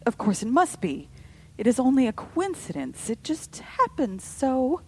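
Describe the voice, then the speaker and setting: A timid, easily scared woman, as a woman puts her on for a read-aloud story. She speaks in a high, nervous, pleading way, well above the reader's own voice. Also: very animated, unhurried, mellow, slightly rough, heavily acted. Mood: anxious.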